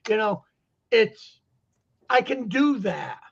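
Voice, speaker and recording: A man with a Boston accent chatting casually on a talk show, telling stories and jokes in an animated way. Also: high voice, normal speed, muffled recording. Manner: joking, animated storyteller. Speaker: guest vendor. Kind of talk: casual chat. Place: lives in Florida.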